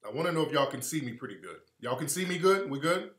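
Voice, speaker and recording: A man's voice: fairly high pitch, animated, fast talker, a bit bright, reverberant. A man hosting a live stream, giving heated, preachy commentary and repeating his points for emphasis.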